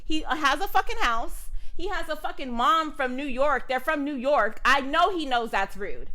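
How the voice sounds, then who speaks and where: A woman co-hosting a casual podcast, cursing freely as she tells her story. Her voice sits a little high, bright and forward. It rises and falls all over the place. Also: moderate pace. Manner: profane, animated storytelling. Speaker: podcast co-host. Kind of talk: casual chat.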